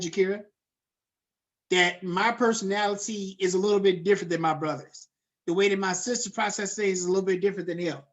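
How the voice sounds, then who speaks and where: Casual, chatty male lecturer. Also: sits high. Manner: casual, loose and conversational, checks in with students by name, many fillers. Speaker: college lecturer. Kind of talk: online lecture to a class.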